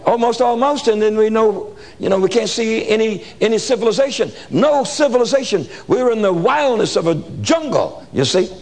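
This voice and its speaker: A man preaching a sermon full of stories, animated and colloquial, repeating words for emphasis. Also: sits high, brisk, few pauses. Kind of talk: sermon with storytelling.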